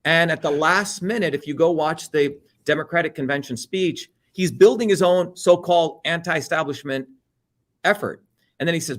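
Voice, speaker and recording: Blunt, animated middle-aged man. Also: a little high, moderate pace. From India. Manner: blunt, animated, swears, mimics others. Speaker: interview guest. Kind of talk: heated political talk.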